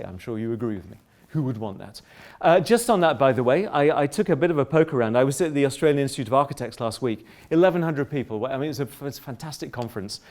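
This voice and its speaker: A middle-aged man giving a public lecture, polemical and lively, often breaking off into asides and restarts. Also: mid-range voice. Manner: animated, polemical, self-interrupting with asides.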